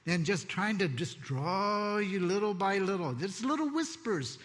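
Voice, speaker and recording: A man preaching a sermon as pastor, expressive and conversational, telling stories with asides. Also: high-pitched, a little slow. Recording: long hall reverb.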